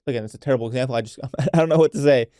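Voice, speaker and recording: Mellow-voiced man coaching unfiltered. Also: mid-range voice, very fast, clean tone, no echo, clean studio sound. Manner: unfiltered, swears freely, frequent "right?" tags; coaching tone addressed to women listeners. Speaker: podcast host. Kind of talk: casual solo podcast talk.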